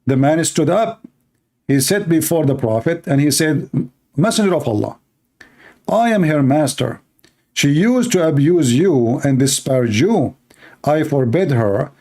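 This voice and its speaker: A man hosting, giving heated commentary on a clip, blunt and scornful and quick to insult. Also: fairly high pitch, mellow. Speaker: host commenting on a video clip.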